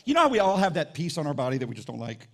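Gravelly, animated preaching man. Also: fairly high pitch. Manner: animated, jokey preaching with shouted peaks and quick asides. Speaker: pastor. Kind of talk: sermon.

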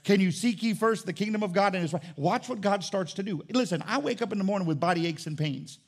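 A man's voice: high-pitched, fast. A man preaching a sermon as pastor, building in intensity and acting out back-and-forth dialogue.

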